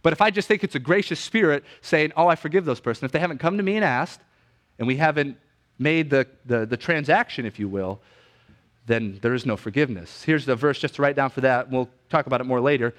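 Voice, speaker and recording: A man's voice: mid-range voice, fairly bright tone. Man preaching a teaching sermon. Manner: teaching, repeats definitions slowly for note-taking; conversational, asks the crowd "right?" and "okay?". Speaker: pastor.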